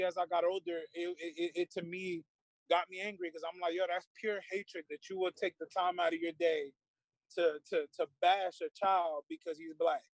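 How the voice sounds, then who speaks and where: A man talks with a high voice, earnest and openly emotional, with loose fillers and restarts. The sound is dry and close, with no room around it. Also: no echo, poor audio. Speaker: guest. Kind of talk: casual discussion.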